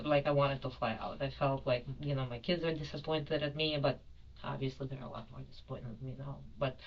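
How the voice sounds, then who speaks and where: A woman in her forties recounting an incident in an interview, rambling with many fillers and self-corrections. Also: rumbling low. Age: 40s. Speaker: airline passenger being questioned. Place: interrogation room. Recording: dull lo-fi recording.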